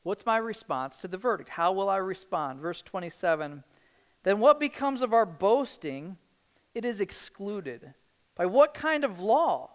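A woman's voice: medium pitch, sing-song, a little slow. Earnest woman preaching, filler-heavy. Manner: earnest, conversational, many "like" fillers. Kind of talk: sermon.

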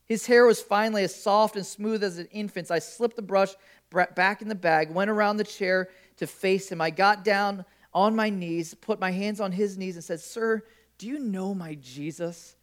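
A male pastor reading a first-person story aloud in a sermon, expressive and animated. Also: moderate pace. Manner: expressive storytelling with shifting pitch and volume.

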